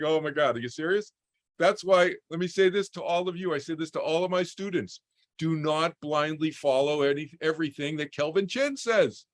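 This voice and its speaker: This spiritual teacher, addressing a parent support group by video call, speaks informally and conversationally, often pausing to ask "okay?" His pitch is fairly high, and there's no room sound.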